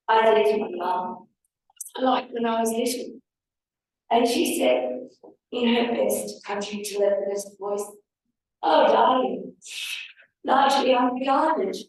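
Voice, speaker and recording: A woman's voice: mid-range voice, darkish tone. A woman giving a reflective, wry personal talk as a speaker at a public forum. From Australia. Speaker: panel speaker. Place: large hall with audience. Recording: echoey hall from far off.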